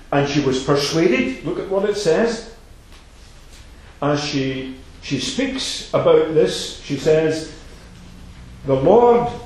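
Emphatic male preacher in echoey hall. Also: a little high. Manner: emphatic, repeats phrases, swings between loud and soft. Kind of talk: sermon.

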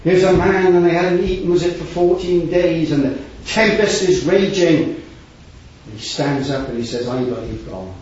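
A man preaching a heartfelt sermon, swinging between loud raised passages and hushed low ones, with scripture quoted in old wording. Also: normal speed. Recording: echoey hall, distant mic, dull lo-fi sound.

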